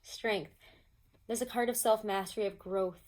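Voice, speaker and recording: In a rough recording, a woman speaks at normal speed in a steady, medium-pitched, somewhat dark voice. She's a tarot reader giving viewers a casual, chatty reading from home, where pets are nearby, and her talk is full of fillers.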